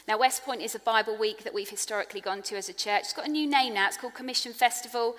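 A woman preaching a sermon in an earnest, personal way, growing hushed on tender points. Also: fairly high pitch, quick pace, few pauses. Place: church hall. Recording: long echo of a large hall.

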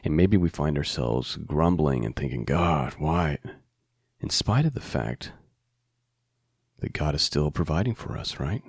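A man's voice: extremely low pitch, very animated, moderate pace, vocal fry, darkish tone, slightly rough, no room sound, studio quality. A man teaching a bible passage on a podcast in a conversational way, often checking in with the listener. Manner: conversational, asks the listener "right?" and "okay?".

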